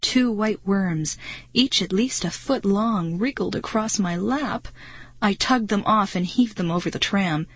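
A woman's voice: mid-range voice, unhurried, breathy edge, no room sound. A woman narrating a first-person children's adventure story in a suspenseful, dramatic reading voice. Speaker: audiobook narrator.

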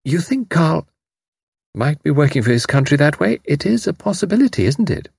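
Storybook mother figure, middle-aged and kind, read by a man in a raised, husky voice; gentle, hesitant delivery. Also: a little high, very animated, normal speed, no room sound, clean studio sound, voice pushed up, exaggerated voice. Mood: probing. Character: middle-aged English woman, kindly, worried, mother.

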